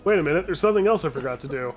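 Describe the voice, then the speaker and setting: Talking very fast with lively intonation, this higher-voiced streamer laughs easily through casual gameplay chat with a friend, frequently cutting off and restarting sentences. Game music plays faintly in the background.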